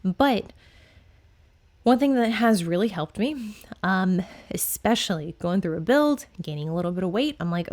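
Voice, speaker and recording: A woman's voice: medium pitch, lively intonation, moderate pace, a little mellow. A young woman hosting a solo fitness podcast who talks frankly and swears casually, rambling with lots of fillers.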